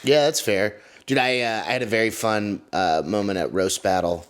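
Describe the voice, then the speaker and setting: A man's voice: lowish voice, moderate pace, clear, resonant tone. A man co-hosting a podcast, joking and teasing in casual chat, then telling his own story. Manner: teasing, jokey interjections. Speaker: podcast co-host, comedy event runner.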